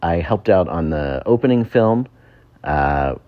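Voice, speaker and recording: A man's voice: low voice, animated, a little slow, highs cut off. A man telling a rambling anecdote in a voice note, full of ums and chuckles. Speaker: former show writer sending a voice note. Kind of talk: casual anecdote. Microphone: phone voice memo.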